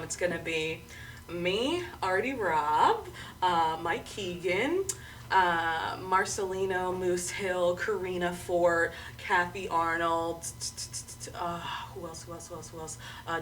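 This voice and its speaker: A woman comedian chatting casually and animatedly, often bursting into loud laughter. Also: lowish voice, slow pace, distant mic, slight background noise. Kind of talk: casual chat.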